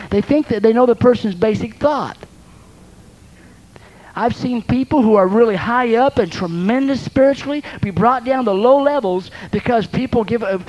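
A woman's voice: fairly high pitch, a little mellow, dull audio. A woman preaching a sermon, exhorting her listeners and often repeating words as she restarts.

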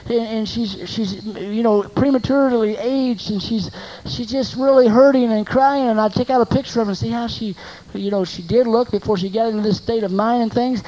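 A preacher with a mellow, warm tone gives a sermon. The delivery leans on rhetorical questions and repeated phrases, and swings between loud emphatic lines and quiet asides. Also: mid-range voice, moderate pace, poor audio.

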